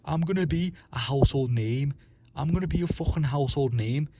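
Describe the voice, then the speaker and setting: A man's voice: a little high, fairly quick, background noise, voice pushed up, close to an everyday voice. A man mimicking a cocky young fighter boasting. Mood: boastful. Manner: bragging, profane.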